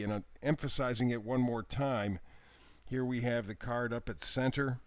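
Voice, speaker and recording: A man giving a daily tarot reading in a gentle, encouraging voice. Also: medium pitch, steady tone, normal speed, clear, resonant tone, no room sound. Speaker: tarot reader.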